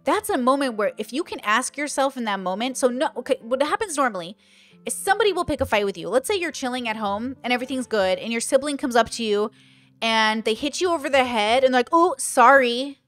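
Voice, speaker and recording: A woman's voice: a little high, fast. A woman creator in casual livestream chat, thinking aloud with lots of fillers and acting out the voices she quotes. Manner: animated, acts out quoted voices. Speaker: online content creator.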